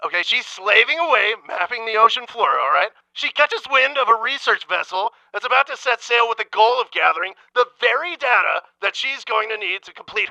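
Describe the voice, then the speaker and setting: A man playing a brash, loud movie director who shouts sound effects in a comedy skit. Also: very high voice, gravelly, a little hiss or hum, heavily acted, poor audio.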